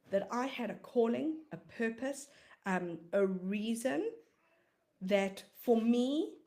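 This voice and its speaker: A woman with a South African accent and a medium-pitched, slightly mellow voice gives a motivational talk. She's a business coach and comedian, speaking emphatically and repeating phrases to give them weight.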